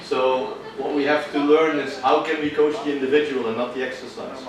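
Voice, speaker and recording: A man's voice: medium pitch, fairly even intonation, brisk, crowd noise. A man leading a workshop, putting questions to the audience. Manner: asks the room questions. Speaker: workshop presenter. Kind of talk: workshop talk. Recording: echoey room from far off, faint noise.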